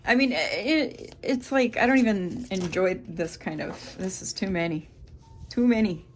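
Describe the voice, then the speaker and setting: A woman's voice: medium pitch, unhurried, a little hiss or hum. A woman in her thirties giving a casual, rambling tarot reading to camera, thinking aloud with many fillers. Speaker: tarot reader.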